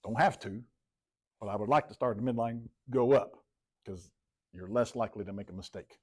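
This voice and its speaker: A man's voice: on the low side, a little fast, darkish tone, slightly rough. Guy teaching math in a classroom, laid back, repeats stuff, calls on kids by name. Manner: casual, talks to students by name and repeats himself. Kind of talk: classroom lecture.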